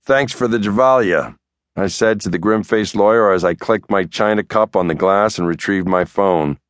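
A man narrating a thriller audiobook in the first person, in a steady, measured way. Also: low-pitched, no room sound, clean studio sound.

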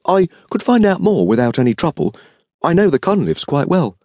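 Man doing a polite refined young dandy, deferential, eager, lively lilt, dry recording. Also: on the high side, normal speed, no room sound, voice pushed up. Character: young dandyish male art-shop assistant, eager and refined. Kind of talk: audiobook character reading.

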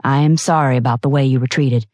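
A kindly gray-haired older man with a gentle, courteous manner and a low voice, as a female audiobook narrator reads him. He sounds close and dry, with no room around him. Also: steady tone, fast, no echo.

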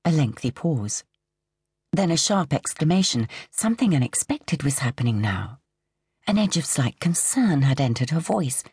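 A woman narrating a suspense audiobook in a measured, suspenseful way. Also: low-pitched, sing-song, a little mellow, slightly rough, no echo, clean studio sound. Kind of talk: scripted narration.

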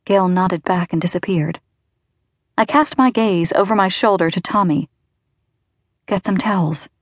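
Brief: female audiobook narrator, wry and even first-person read, close dry studio sound. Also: lowish voice, moderate pace, no room sound. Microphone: close studio mic.

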